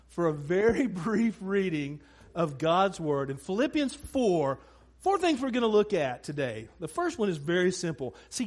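A man preaching a sermon to a congregation from a church stage. He tells funny family stories and talks directly to the crowd. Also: on the high side. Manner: animated, humorous storyteller who talks to the congregation. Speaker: pastor.

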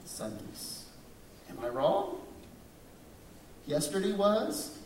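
This pastor's voice is a little high, animated and slightly mellow, moving at a measured pace through a dramatic sermon in a church sanctuary. He asks the congregation questions and adopts voices for people he quotes. The room is echoey, the mic distant, with slight hiss or hum.

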